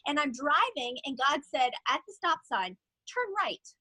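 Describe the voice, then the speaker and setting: A woman giving a motivational sales talk, telling stories in an animated way and acting out the quoted voices. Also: high voice, normal speed, dry recording, poor audio.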